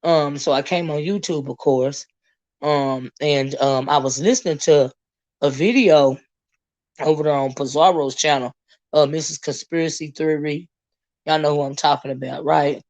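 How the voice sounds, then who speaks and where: A hoarse woman, hosting a casual livestream, greeting viewers and chatting with many fillers and asides. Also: low voice, moderate pace, darkish tone, lo-fi sound. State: hoarse, lost her voice. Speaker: livestream host.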